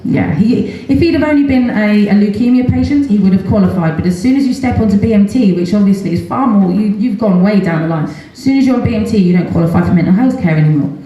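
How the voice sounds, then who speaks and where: A woman's voice: mid-range voice, expressive, quick pace, few pauses, warm tone. A middle-aged woman giving a personal talk at a seminar, earnest and candid, with frequent ums. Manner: earnest and candid, with nervous laughs and many ums. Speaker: seminar speaker, mother of patient. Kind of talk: personal story told in a public talk. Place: large event hall at a festival seminar. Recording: echoey hall.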